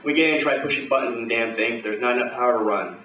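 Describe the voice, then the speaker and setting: A man telling a first-person pulp action tale aloud in a gruff, swaggering, profane, hardboiled way. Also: mid-range voice, rapid-fire, pushed and bright, echoey room, recorded from a distance, slight background noise, poor audio. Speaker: storyteller.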